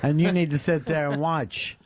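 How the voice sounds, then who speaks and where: Male radio host, swears freely, joking banter, fairly high voice, dry close studio mic. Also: fairly even intonation, normal speed, no echo. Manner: wry, profane, joking. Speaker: radio talk show host. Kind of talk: casual radio chat, taking callers. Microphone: studio microphone.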